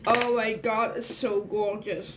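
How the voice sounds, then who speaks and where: A young woman vlogging an unboxing at home, gushing excitedly as she talks. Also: fairly high pitch, takes it slowly, noisy background. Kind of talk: casual unboxing vlog.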